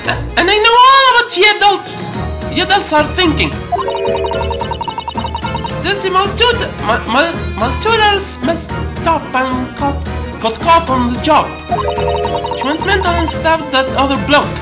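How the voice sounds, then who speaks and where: A woman's voice: high voice, huge pitch swings, a little slow, pauses often, pitched above the performer's own voice, full character voice. A woman voicing a cheeky, streetwise young girl pickpocket who talks brash and slangy over game music. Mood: cocky. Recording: loud game music behind.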